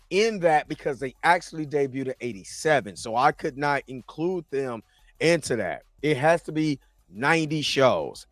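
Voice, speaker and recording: Excitable man hosting a live chat. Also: fairly high pitch, dry recording, studio quality. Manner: excitable, laughs often, shouts when thrilled. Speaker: show host. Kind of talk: casual live-stream chat.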